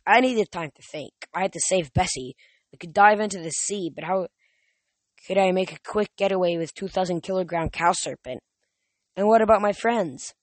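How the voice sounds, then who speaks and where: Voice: mid-range voice, moderate pace, dry recording. An audiobook reader narrating a first-person novel in a plain reading with small slips.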